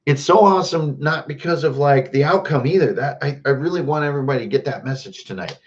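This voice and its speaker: A man's voice: a little high, quick pace, highs cut off. A man hosting a casual livestream, rambling and joking while he greets viewers by name. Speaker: host.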